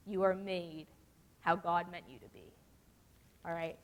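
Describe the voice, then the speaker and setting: A young woman gives a casual, animated devotional talk to a youth group. She often acts out the voices she quotes. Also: lowish voice, unhurried. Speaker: youth speaker. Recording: long reverb from a large hall.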